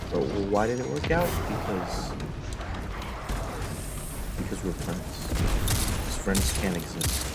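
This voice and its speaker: A young man live streaming a game, rambling through profane stories and mock-deep musings. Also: expressive, slow, long pauses, heavy background noise. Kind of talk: casual chat while gaming. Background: game music.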